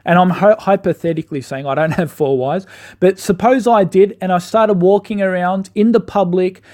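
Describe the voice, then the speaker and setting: A man's voice: high voice, normal speed, a little mellow. A man giving an argumentative opinion monologue, full of rhetorical questions. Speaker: commentator.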